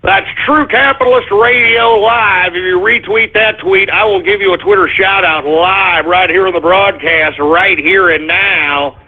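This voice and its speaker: A man hosting an internet radio show, telling a rambling, profane story and running listener shout-outs. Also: high voice, unhurried, few pauses. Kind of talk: rambling anecdote and show segments. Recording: husky phone-like lo-fi audio.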